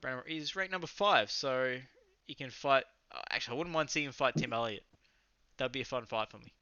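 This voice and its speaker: Bright, crisp Australian bloke chatting fights. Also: male voice, medium pitch, brisk, no echo. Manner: loose, swearing, enthusiastic, rambling. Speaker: podcast co-host. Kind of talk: casual fight recap chat. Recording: slightly muffled lo-fi audio.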